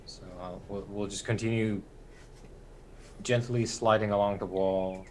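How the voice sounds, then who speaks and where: A man taking his turn in a tabletop game, his voice low and his words careful and hesitant. A faint hiss runs under the recording. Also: level tone, a little slow, darkish tone, low-quality recording. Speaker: player.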